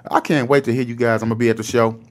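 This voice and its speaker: A man hosting a casual live-stream chat, talking fast and slangy with hype. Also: mid-range voice, steady tone. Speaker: host.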